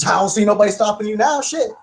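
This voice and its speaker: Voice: mid-range voice, very fast. A brash player talks bluntly and swears freely around the gaming table. Their remarks come short and punchy. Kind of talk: tabletop role-play, casual chat.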